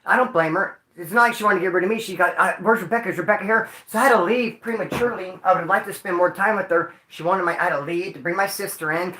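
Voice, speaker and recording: A grieving livestream host talks casually and emotionally to his chat in slang, calling them homeboy and dude. His voice sits high, fast and pushed bright with hardly any pauses, in a roomy sound.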